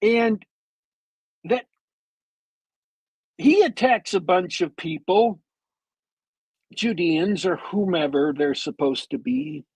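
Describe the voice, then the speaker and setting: A man on a podcast with a bad cold, retelling a movie plot as a meandering, detailed storyteller with long pauses. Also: sits high, animated, a little mellow, slightly rough, dry recording, poor audio. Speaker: podcast co-host.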